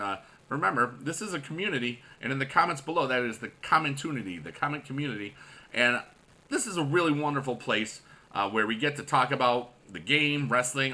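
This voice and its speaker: A man in his forties, a mobile game YouTuber, chatting casually and excitably while he plays, with goofy loud shout-outs to viewers. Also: medium pitch. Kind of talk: casual gaming commentary.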